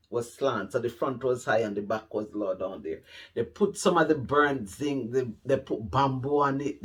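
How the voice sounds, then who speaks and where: A middle-aged Jamaican man telling his life story to camera, heartfelt and repeating phrases for emphasis. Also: medium pitch. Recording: voice a bit distant from the mic.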